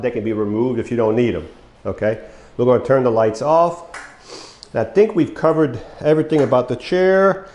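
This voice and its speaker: A man with a mid-range, slightly mellow voice demonstrates a power wheelchair as a mobility equipment dealer, speaking plainly to viewers as regular folks. His voice is getting worn, and the room is echoey.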